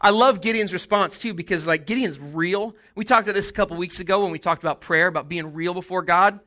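A man giving a casual, jokey sermon, retelling a story with animated asides and acted-out voices. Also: high-pitched, quick pace. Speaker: preacher.

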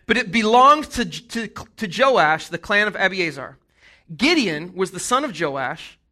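Man, preacher, casual sermon, high voice, bright tone, animated storytelling.

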